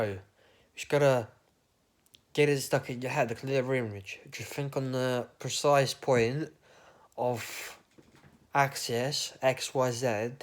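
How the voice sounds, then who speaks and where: A man talks in a loose, meandering monologue with a mid-range voice. His train of thought wanders into absurd tangents, and swearing slips in offhandedly. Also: mid-range voice. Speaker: vlogger. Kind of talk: rambling comic monologue.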